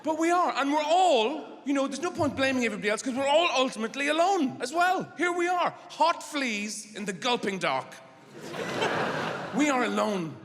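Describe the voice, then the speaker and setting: A middle-aged man with an Irish accent performs stand-up in a high, light voice, meandering through half-finished sentences before erupting into shouted tirades. The sound is a live theatre recording with a long, echoing reverb and clear audience noise behind him. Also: lively intonation. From Ireland. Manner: rambling, halting, bursts into shouted rants. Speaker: stand-up comedian. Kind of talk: stand-up comedy. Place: large theatre stage.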